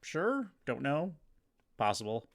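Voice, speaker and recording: A man's voice: mid-range voice, big pitch swings, takes it slowly, creaky. A man co-hosting a casual sports podcast, talking hesitantly with restarts and easy laughs. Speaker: podcast co-host.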